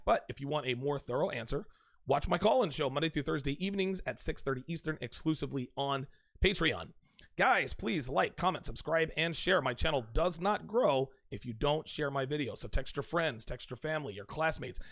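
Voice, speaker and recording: Emphatic man lecturing, higher pitch. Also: creaky, a bit bright. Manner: emphatic, lecturing, repeats key points. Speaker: podcast host. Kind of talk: direct-to-camera advice monologue.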